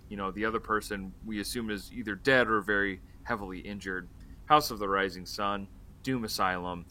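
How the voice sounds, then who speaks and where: Bright-voiced man recapping a movie. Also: on the low side, a little fast. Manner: rambling plot recap with fillers and swearing. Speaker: podcast co-host. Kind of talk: casual movie-review chat.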